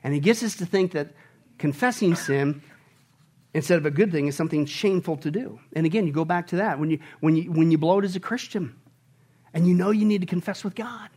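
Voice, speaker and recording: A man delivers a sermon as pastor, his voice sitting high. He preaches emphatically, firing rhetorical questions at the congregation. He moves between quiet, intimate stretches and loud, exclaiming peaks. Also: brisk, husky.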